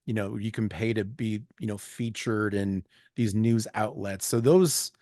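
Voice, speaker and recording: A man hosting a podcast, adding a relaxed comment to the conversation. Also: fairly low pitch, measured pace, no room sound, clean studio sound. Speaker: podcast host. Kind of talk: casual interview chat.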